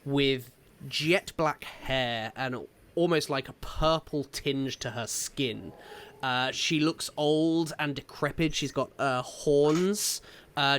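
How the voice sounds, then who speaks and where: A man's voice: mid-range voice, a bit bright, smooth. A man narrating a tabletop game as dungeon master, describing scenes with frequent fillers and hesitations.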